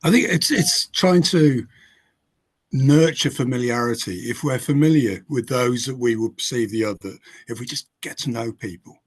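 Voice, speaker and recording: A man co-hosting a conversation, making a point in a thoughtful, measured way. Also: medium pitch, breathy edge. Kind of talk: casual chat.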